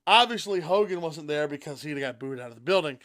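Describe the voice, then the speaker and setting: An excitable man co-hosting a podcast, swearing freely and bursting into loud outbursts. His voice is high for a man and bright, almost tense in tone. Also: fast talker. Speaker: podcast co-host. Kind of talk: casual chat.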